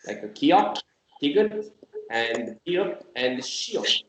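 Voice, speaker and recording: A man teaching Korean in an online class, explaining slowly and patiently and repeating example sounds. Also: a little high, sing-song. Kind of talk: online language lesson. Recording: echoey room with faint noise.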